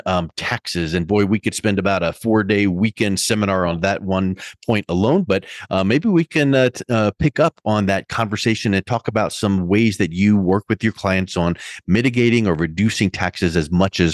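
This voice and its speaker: Male podcast host, very low voice, dry sound, relaxed conversational delivery with analogies. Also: normal speed, hardly any pauses, dry recording. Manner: conversational, uses analogies, some fillers. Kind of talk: podcast interview.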